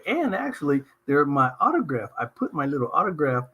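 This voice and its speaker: Middle-aged host from socal, husky and punchy, tells stories, kinda high voice. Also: male voice, fairly quick. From Southern California. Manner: animated and emphatic, telling anecdotes. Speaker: talk show host. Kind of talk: conversational interview storytelling.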